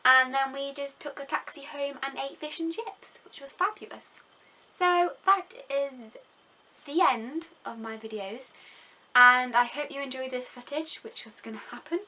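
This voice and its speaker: Young girl vlogging about her trip, rambly and chatty, lots of ums, bright fairly high voice. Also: a little slow. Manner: chatty and rambling, with many fillers and gushing words. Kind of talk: casual travel vlog voice-over.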